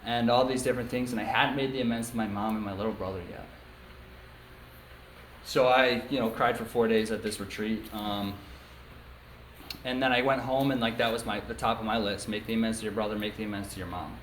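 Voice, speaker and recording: This young man, originally from upstate New York, tells his personal story openly at a recovery meeting, using plenty of ums and likes. His voice is lowish, steady and fairly bright, moving fairly quickly. The meeting room recording is echoey with a faint hiss.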